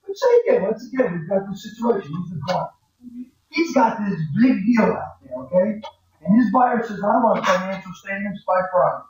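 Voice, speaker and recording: A man's voice: high-pitched, darkish tone, recorded from a distance. A male accounting professor giving a blunt, conversational classroom lecture. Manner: blunt, conversational, acts out client quotes. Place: large echoey lecture hall. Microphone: far from the mic. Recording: echoey classroom recording from afar.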